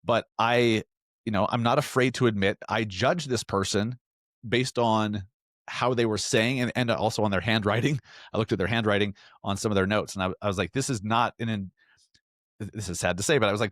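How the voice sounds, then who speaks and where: A man's voice: lowish voice, brisk, dry recording. Earnest male podcast host, dry sound. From Salt Lake area, US. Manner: earnest, emphatic, frequent restarts. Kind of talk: solo podcast monologue.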